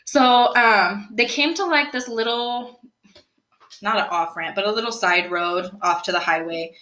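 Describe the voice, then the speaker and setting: A young woman hosting a podcast, telling a true-crime story in a casual, animated way, full of "like" and questions put to her co-host. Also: medium pitch, unhurried. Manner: chatty, animated, lots of "like" and rhetorical questions. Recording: roomy echo.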